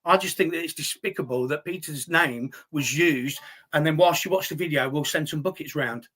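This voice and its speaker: This man's voice is a little high and fairly bright with a breathy edge, at a moderate pace. Hosting a live stream, he answers viewer chat with angry, indignant remarks and plenty of curses.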